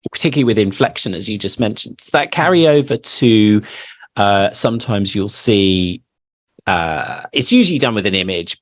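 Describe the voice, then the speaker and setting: Low-voiced man hosting a podcast. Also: no echo. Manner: relaxed, hesitant questioning with fillers. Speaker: podcast host. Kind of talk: casual podcast interview.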